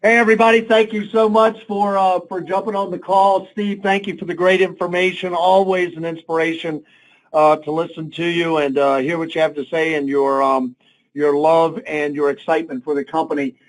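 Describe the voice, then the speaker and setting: A man's voice: a little high, flat delivery, normal speed, slight background noise. Friendly man hosting a phone call. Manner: friendly and chatty, with many filler uhs. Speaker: call host.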